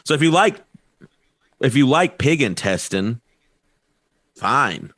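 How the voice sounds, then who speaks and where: A man's voice: medium pitch, big pitch swings, takes it slowly, fairly bright tone, dry recording. Man, podcast co-host, loose rambling chat, laughs mid-sentence, dry studio sound. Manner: rambling, laughs while talking, swears. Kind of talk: casual comedic chat.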